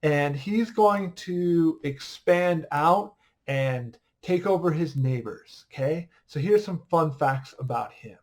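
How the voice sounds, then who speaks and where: A man's voice: a little high, animated, takes it slowly, few pauses. A man teaching an online history class in a casual, upbeat way, joking and quizzing his students as he goes.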